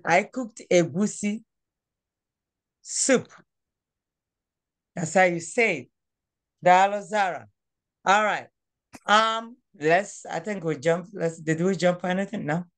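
Woman, language teacher, slow speech, lowish voice, patient, coaxing, repeats words. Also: a bit bright. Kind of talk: online class teaching. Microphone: phone.

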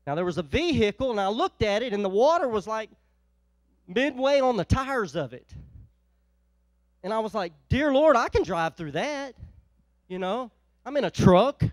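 High-pitched pastor guy preaching, folksy storyteller, loud then quiet, dry close sound. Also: very animated, normal speed, pauses often, dry recording. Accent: Northeast Ohio. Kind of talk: sermon.

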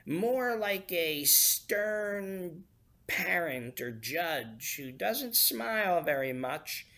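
Slow, emphatic man preaching a sermon. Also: high voice, sing-song, crowd noise. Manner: unhurried, emphatic stresses on key words. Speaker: pastor.

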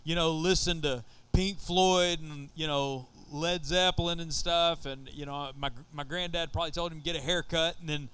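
A middle-aged Texan pastor preaches in a relaxed, joking way, talking straight to his congregation. His voice sits high for a man and rings bright and crisp. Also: normal speed, hardly any pauses. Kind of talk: sermon.

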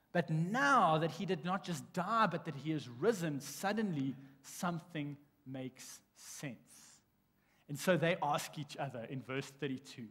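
A man preaching a sermon in a church, telling stories in a lively way with frequent restarts. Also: on the high side, normal speed, slightly rough. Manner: animated storytelling with restarts. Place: church sanctuary. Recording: long church hall reverb.

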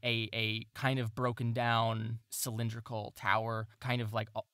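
A man running a tabletop game as game master, narrating scenes with relaxed pacing, frequent fillers and restarts. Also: mid-range voice, measured pace, clear, resonant tone, no echo, clean studio sound.

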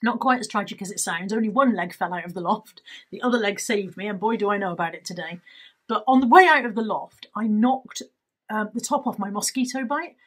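A woman's voice: medium pitch, a little fast, a bit bright, slightly rough, poor audio. A woman chatting casually through a shopping haul in her vlog, rambling and poking fun at herself. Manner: chatty, rambling, self-deprecating. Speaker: YouTuber showing a shopping haul. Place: indoors at home, at a table. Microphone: camera on the table.

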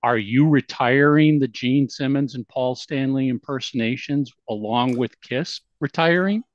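A man's voice: medium pitch, measured pace, no room sound. A male podcast host asking questions in a casual chat, often stammering as he starts. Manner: stammers on restarts. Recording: dry, slightly dull sound.

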